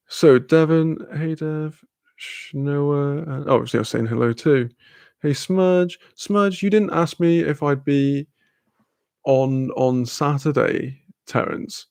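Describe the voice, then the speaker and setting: A man's voice: a little high, fairly even intonation, a little slow, a little mellow, clear, resonant tone, no room sound. A man hosting a livestream, casually reading the chat aloud, laid-back, laughing often and swearing freely. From Wales. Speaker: livestream host.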